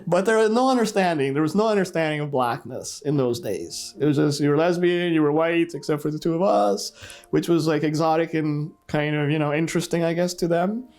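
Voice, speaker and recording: A man's voice: on the high side, a little fast, a little mellow. A middle-aged man from Trinidad telling his story in an oral history interview, reflective and laughing wryly at painful memories. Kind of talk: personal storytelling.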